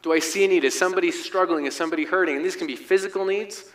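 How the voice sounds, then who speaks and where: A pastor preaching a sermon in a relaxed, conversational way, often checking in with "right?". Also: male voice, high voice, racing. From United States. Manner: conversational, frequent "right?" asides.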